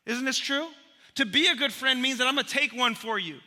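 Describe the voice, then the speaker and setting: A man preaching a sermon as pastor, conversational and humorous, an animated storyteller who acts out voices, recorded live in a church sanctuary. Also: very high-pitched, a little fast. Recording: long church hall reverb from a live sermon.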